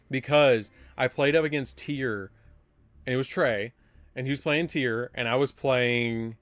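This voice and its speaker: A man's voice: mid-range voice, fairly bright tone, dry recording. A man casually chatting while streaming a card game live, rambling and breaking into surprised exclamations.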